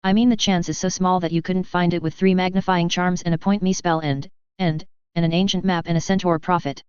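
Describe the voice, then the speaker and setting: A woman's voice: lowish voice, steady tone, fairly quick, a little mellow, clean tone, no echo, natural voice. A woman voicing a fierce young girl who warns with urgent intensity, in a dull, dry recording. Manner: intense, near-shrieking warnings.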